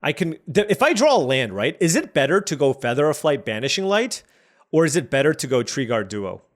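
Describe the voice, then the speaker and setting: Lively man thinking aloud over a card game. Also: on the high side, brisk. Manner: lively, chatty, musing over each play. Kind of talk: thinking aloud while playing.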